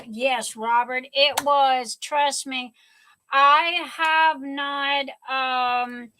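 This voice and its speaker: A woman's voice: sits high, bright, forceful tone, poor audio. An older woman hosting a live stream, chatting casually and gushing emotionally. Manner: gushing, emotional, drawn-out speech.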